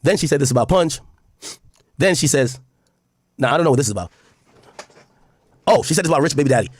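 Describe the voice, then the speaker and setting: A man's voice: fairly high pitch, lively intonation, fast, breathy edge. A man streaming casual commentary to his chat, reading posts aloud and reacting bluntly, with frequent profanity.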